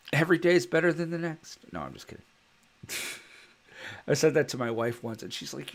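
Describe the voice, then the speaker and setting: A man chats loosely on a podcast, and his pitch swings widely as he rambles through his stories. He laughs often and keeps things casual. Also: animated, normal speed, vocal fry, pauses often. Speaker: podcast co-host. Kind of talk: casual chat.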